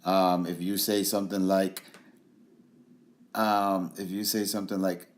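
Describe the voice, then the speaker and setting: A man explaining language points as a trainer, relaxed, slowly repeating example phrases with fillers. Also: deep voice. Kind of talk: instructional explanation.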